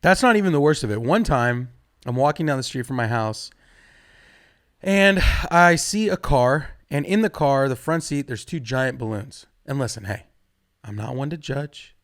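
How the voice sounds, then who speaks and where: A young man doing a stand-up comedy set, rambling and profane, jumping suddenly to loud outbursts. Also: mid-range voice, expressive, moderate pace.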